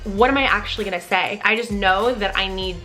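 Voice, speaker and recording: A young woman casually telling a personal story to camera, candid and expressive, with plenty of "like" and the odd swear word. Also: mid-range voice, a little fast, soft background music. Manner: candid and expressive, with frequent "like" and profanity.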